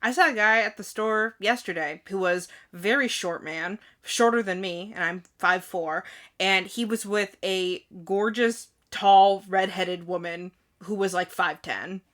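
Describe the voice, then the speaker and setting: Woman, podcast co-host, frank casual talk, bright tone. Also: medium pitch. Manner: frank, quick asides, swears. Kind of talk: casual chat.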